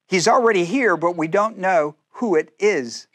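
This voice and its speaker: A man delivers a casual, animated sermon with a somewhat high voice. He slips into the voices of the figures he talks about and laughs at his own asides. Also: normal speed, hardly any pauses. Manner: animated, acts out speakers in first person, laughs often. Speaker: pastor.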